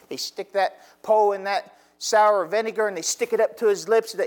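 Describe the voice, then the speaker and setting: A man preaching a sermon from the pulpit, his voice sitting high for a man. He draws out key phrases and lets his intensity swell as he presses his points. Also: a little fast, hardly any pauses. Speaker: pastor.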